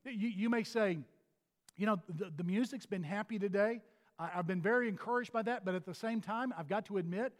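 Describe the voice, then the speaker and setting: A man's voice: high-pitched, fairly quick, big-room sound. A pastor delivering a sermon in an earnest manner, often restarting his phrases.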